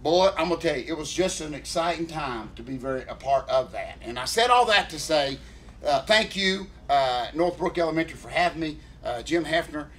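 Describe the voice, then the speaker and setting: A man with a somewhat high voice tells a rambling, heartfelt story, stopping often to check in with his co-host. His talk is earnest and emotional, with a faint hiss of background noise. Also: lively intonation, fairly quick, a bit bright. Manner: earnest, emotional, keeps addressing co-host by name. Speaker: podcast co-host.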